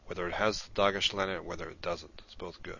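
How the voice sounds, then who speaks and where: A man's voice: deep voice, little pitch movement, quick pace, fairly bright tone, highs cut off. A man giving a recorded lesson, explaining patiently step by step while he writes things down. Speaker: instructor in a played lesson video.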